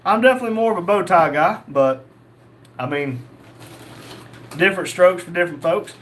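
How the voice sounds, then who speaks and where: A man's voice: high-pitched, moderate pace, fairly bright tone. A young man hosting a casual livestream, reading chat messages aloud and joking.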